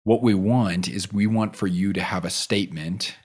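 Brief: male podcast host, lowish voice, motivational talk, emphatic peaks, drops quiet for stories. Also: steady tone, moderate pace. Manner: emphatic and earnest, building to loud peaks; drops soft and low when telling a story. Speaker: podcast host and business leadership coach.

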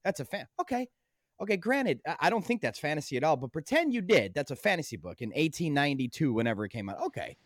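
Man, podcast guest, insistent, very expressive pitch, dry sound. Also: fast talker, dry recording. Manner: animated storytelling, emphatic and insistent. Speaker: podcast guest, documentary filmmaker. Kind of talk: casual podcast conversation.

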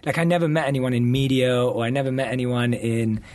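A man's voice: mid-range voice, a little fast, darkish tone. A man in his thirties, a podcast guest, answering in an eager, rambling way as he thinks aloud. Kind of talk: casual podcast interview.

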